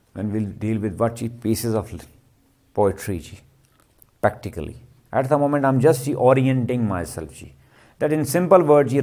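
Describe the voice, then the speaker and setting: A man giving a classroom lecture, often asking his students "clear?" and answering his own questions. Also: mid-range voice, darkish tone. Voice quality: repetitive, question-and-answer teaching style. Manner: checks understanding with frequent "clear?" and "ji".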